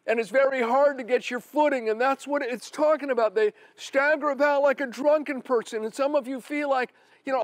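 A middle-aged male pastor preaching a sermon earnestly, with slow, emphatic repetition. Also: very high voice, no echo. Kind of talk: televised sermon.

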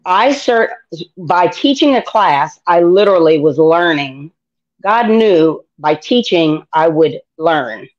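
A middle-aged American woman sharing her faith testimony in an interview, animated and acting out dialogue in voices. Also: fairly low pitch, slow pace, dull audio. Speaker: guest.

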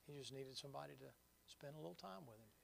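A man's voice: medium pitch, quick pace, gravelly. A man preaching a sermon in a folksy, vivid storytelling manner.

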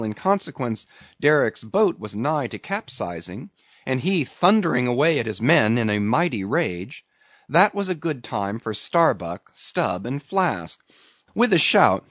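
Man narrating with animated expression. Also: medium pitch, no room sound. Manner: dramatic, expressive reading. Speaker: audiobook narrator. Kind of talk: scripted narration. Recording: dull lo-fi recording.

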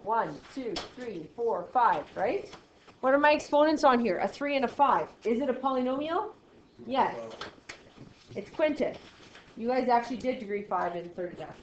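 A woman math teacher lecturing a class, chatty and self-deprecating, quizzing her students as she works. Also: a little high. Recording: roomy, dull lo-fi sound with faint noise.

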